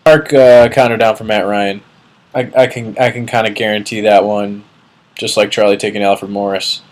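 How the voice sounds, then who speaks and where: A man's voice: on the low side, level tone, normal speed. A young man ranting casually and bluntly, swearing and cutting words off mid-sentence. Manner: blunt, profane, mocking, trailing off mid-word. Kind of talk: casual vlog rant.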